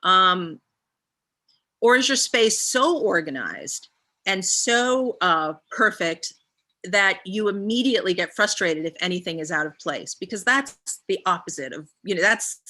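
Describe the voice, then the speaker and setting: A woman's voice: lowish voice, bright, forceful tone. A woman guest speaker on a live stream, leading a visualization with a long string of reflective questions and frequent ums.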